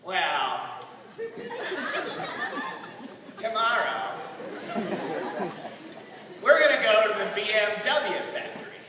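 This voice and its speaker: A man voicing a slow old Southern man with a drawl, droopy and pleased with his own joke. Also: sits high, very animated, a crowd in the background, background noise, pitched below the performer's own voice, heavily acted. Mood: deadpan. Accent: Southern US drawl put on. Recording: echoey hall from far off.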